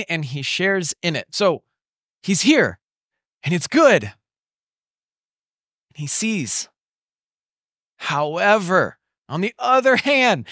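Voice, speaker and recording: A man preaching a sermon in an animated, conversational way, often asking the listeners questions. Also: on the high side, no room sound, studio quality. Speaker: pastor. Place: church.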